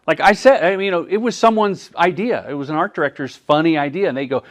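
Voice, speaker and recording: Man, middle-aged, workshop presenter, slightly high voice, acts out quoted dialogue. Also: quick pace, few pauses. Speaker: workshop presenter, commercial director. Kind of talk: workshop talk answering audience questions. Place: workshop room at a film festival.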